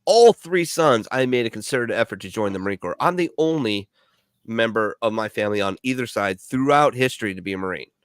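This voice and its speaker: A man's voice: medium pitch, expressive, brisk, clean tone, dry recording, clean studio sound. A man from Milwaukee, a veteran co-host of a radio show, rambling through profane stories in casual chat full of fillers.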